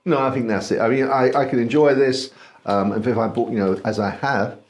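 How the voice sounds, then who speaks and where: A man co-hosting a wine tasting show, thinking aloud in a measured, casual way with many fillers. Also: medium pitch, fairly even intonation.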